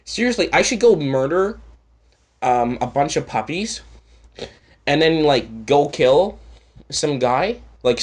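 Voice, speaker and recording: A man from Canada rants through a casual storytime, rambling and cursing freely. His tone is sarcastic, with a pitch that sits in the middle. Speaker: channel host.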